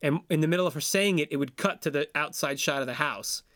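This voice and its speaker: A man co-hosting a podcast, talking in an animated, rambling way and saying "man" often. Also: on the high side, quick pace, no room sound, clean studio sound. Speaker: podcast co-host. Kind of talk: casual chat.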